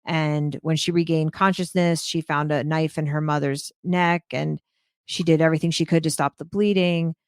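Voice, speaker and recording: A woman podcaster talking through a case in a thoughtful, hesitant way, often pausing on "um". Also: deep voice, steady tone, clean tone, no room sound, studio quality. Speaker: true crime podcaster. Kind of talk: casual podcast discussion.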